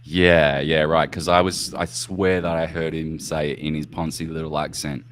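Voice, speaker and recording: A man hosts a casual live-stream podcast. His voice sits very low, and he talks in loose, rambling turns. He laughs and swears freely as he goes. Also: fairly even intonation, moderate pace, hardly any pauses, slight background noise. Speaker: podcast host.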